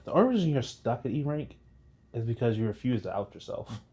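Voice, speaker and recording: Mellow-voiced man, reaction host, rambling and jokey. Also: sing-song, brisk. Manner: jokey, rambling, laughs in high bursts. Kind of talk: casual chat.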